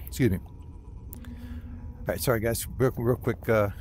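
A man's voice: medium pitch, takes it slowly, pauses often, a little hiss or hum. A man giving casual, rambling commentary while playing a game, often apologizing to his viewers, with hiccups. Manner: chatty, rambling, apologetic asides. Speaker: gamer streamer. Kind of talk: casual let's-play commentary.

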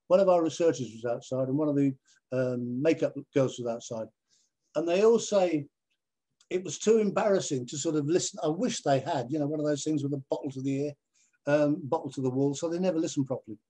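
A man, a television presenter, telling anecdotes in an animated way over a video call and acting out other people's voices. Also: fairly high pitch, fairly quick. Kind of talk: anecdotal storytelling in a conversation.

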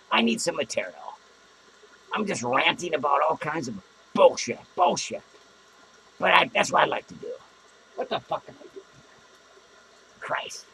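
A man's voice: a little high, gravelly, noisy background, heavily acted. A man playing a crude, drunk clown who hosts a podcast from a small studio, rambling and swearing between cackling laughs. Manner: rambling, profane, self-mocking, with loud cackling laughs. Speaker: podcast host. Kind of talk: comic in-character podcast rant.

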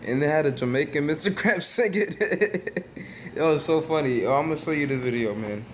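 A man's voice: fairly high pitch, normal speed, slight background noise. Playful young vlogger man. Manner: playful, teasing banter. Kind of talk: casual vlog chat. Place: in a car. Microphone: handheld phone.

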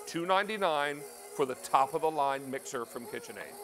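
Male shopping-channel host, chatty and emphatic, slightly high voice, faint music under. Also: animated, fairly quick, a bit bright. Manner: upbeat, chatty, emphatic sales pitch. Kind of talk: live TV shopping presentation. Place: TV studio kitchen.

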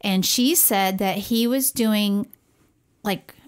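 A woman co-hosting a parenting podcast, telling a personal story in casual chat, animated and laughing often as she talks. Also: mid-range voice, slow pace, clean tone. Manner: animated storyteller who acts out quoted voices.

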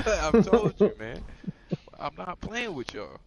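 A man's voice: on the high side, wildly swooping pitch, unhurried, gravelly, darkish tone. A young man casually telling a profane story between games, laughing between lines and acting out what people said. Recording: gaming stream with music.

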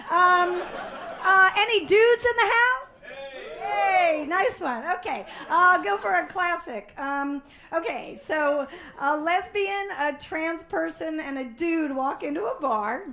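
Stand-up comic, woman, high bright voice, dry mock-earnest delivery with sudden loud bursts. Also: expressive, slow pace. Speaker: stand-up comedian. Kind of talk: stand-up comedy set. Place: stage before a live audience.

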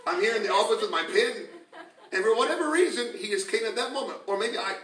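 A man preaching a sermon to a congregation, telling stories with laughter and rising to shouts. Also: high-pitched, expressive, fast talker, crowd noise. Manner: storytelling, laughing, building to shouts. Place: church sanctuary with congregation. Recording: echoey church from a distance.

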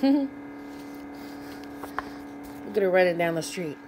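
A woman reads a picture book aloud to children at an unhurried pace. She pauses to ask her young listeners what they see in the pictures. A faint hum sits beneath her voice. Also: on the low side, animated. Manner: asks young listeners questions about the pictures. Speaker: children's read-aloud host.

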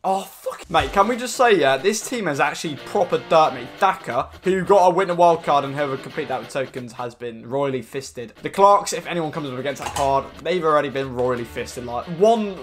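A young man with a slightly higher voice chats excitably through his game pack openings, swearing freely as he goes. Faint guitar music runs behind him. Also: a little fast, hardly any pauses. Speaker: gaming YouTuber. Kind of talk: casual pack-opening commentary.

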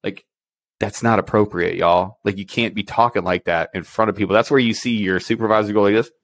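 A man's voice: on the low side, fairly even intonation, fast talker. A man co-hosting a podcast as a special warfare operations superintendent, talking bluntly and acting out quoted exchanges. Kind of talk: casual podcast chat.

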